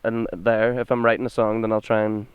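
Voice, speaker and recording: A man's voice: lowish voice, level tone, fairly quick, smooth, no room sound, narrow, tinny audio. A man with a Northern Irish accent, a songwriter in a casual chat, speaking loosely and swearing often. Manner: loose and sweary, trails off mid-thought. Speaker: guest songwriter.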